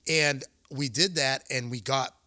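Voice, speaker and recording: A middle-aged man tells business stories as a podcast guest, animated and quick to act out the lines he once said. His voice is bright and forceful. The sound is dry and close, with no room to it. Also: mid-range voice, dry recording. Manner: animated storyteller, acts out his own dialogue. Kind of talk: casual interview storytelling.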